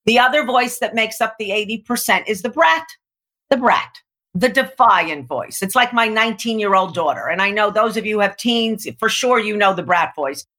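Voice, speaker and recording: A middle-aged woman speaking as a guest coach on a podcast, animated and emphatic, often acting out voices. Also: medium pitch, moderate pace. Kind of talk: podcast interview, coaching talk.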